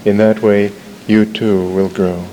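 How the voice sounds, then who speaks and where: An older man giving a sermon as a spiritual teacher, in an earnest, measured and gently insistent way. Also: on the low side, flat delivery, a little hiss or hum, poor audio.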